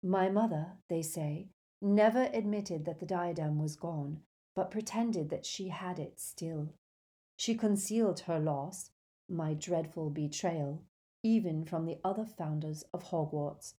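A woman's voice: a little slow, dark tone, close to an everyday voice. A woman voicing a proud, haughty woman ghost who speaks stiffly and disdainfully, in an audiobook reading. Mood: confessing. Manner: disdainful, stiff, low-voiced.

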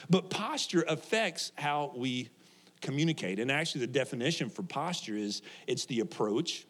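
A man's voice: mid-range voice, lively intonation, moderate pace. A middle-aged man, a pastor, preaching a conversational sermon to a congregation, joking, laughing often and asking his listeners questions.

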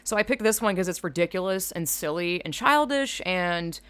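A woman from Georgia, hosting her own podcast in a rambling, profane, self-mocking way, animated and loud. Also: fairly low pitch, moderate pace, smooth. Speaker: podcast host. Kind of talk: casual solo podcast monologue.

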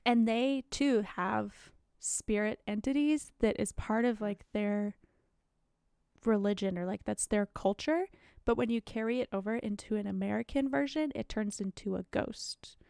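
Her voice is mid-range and a little slow, with vocal fry and a darkish yet clear, resonant tone. She's a young woman co-hosting a podcast, chatting casually and rambling with many fillers despite having the hiccups. The sound is dry and studio quality.

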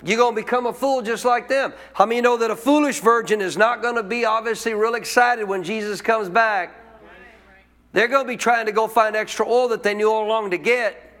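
A man with a notably high voice delivers a church sermon, punching his points with emphasis. He keeps throwing questions at the congregation and repeating key lines for them to take in. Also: steady tone, brisk, fairly bright tone. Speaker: preacher.

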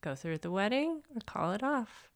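A woman's voice: mid-range voice, big pitch swings, moderate pace. A woman co-hosting a casual podcast chat, reading out poll questions and laughing often. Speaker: co-host.

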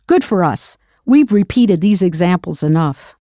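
A woman's voice: fairly low pitch, animated, measured pace, dark tone, dry recording, studio quality. A woman narrating a scripted audio language lesson as the teacher. She patiently prompts drill questions and then confirms the answers.

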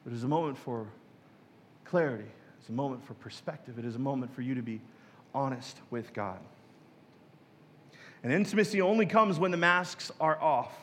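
A man's voice: medium pitch, moderate pace, long pauses, fairly bright tone, in a large hall, a little hiss or hum. A man preaching a sermon as a pastor, casual and joking, who acts out other people's prayers in mock voices.

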